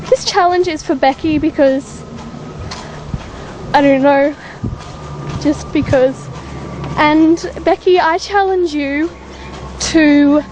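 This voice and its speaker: High-voiced chatty Australian woman vlogger. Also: darkish tone, poor audio. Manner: rambling, chatty and self-mocking. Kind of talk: casual vlog chat.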